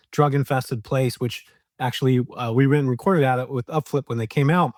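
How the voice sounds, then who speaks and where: A middle-aged man from California talks quickly as a podcast guest, piling up casual slang as he tells his story. His voice sits at an ordinary pitch and is recorded close and dry, with no room sound. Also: a little mellow, no echo. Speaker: guest, real estate investor.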